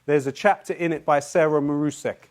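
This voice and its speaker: A man guest on a televised debate, making his point in a measured, persistent way and citing sources. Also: fairly high pitch, steady tone, darkish tone.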